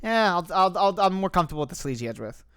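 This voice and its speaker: A man's voice: sits high, big pitch swings, rapid-fire, fairly bright tone, clean tone, no echo, studio quality. Chatty man reading a game aloud. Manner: chatty, self-mocking asides. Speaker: game streamer.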